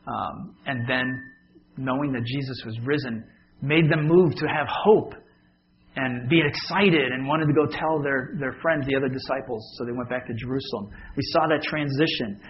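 A man's voice: mid-range voice, normal speed, muffled recording, a little hiss or hum. A man preaching a sermon as pastor, talking casually and joking with his congregation.

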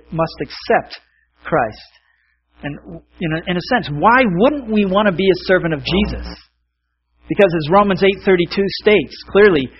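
A man's voice: a little high, lo-fi sound, a little hiss or hum. A man preaching a sermon, telling a story and acting out its voices before drawing the lesson. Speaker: pastor.

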